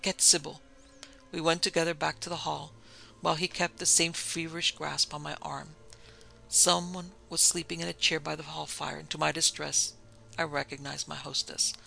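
A man narrating a gothic story in a measured, somber reading. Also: a little high, level tone, creaky, pushed and bright, faint music behind, low-quality recording.

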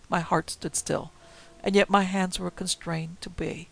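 A man reads a ghost story in a deeply gravelly, husky voice, pitched a little high for a man. His delivery is dramatic and hushed, slipping often into whispers. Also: level tone, moderate pace, low-quality recording. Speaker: narrator.

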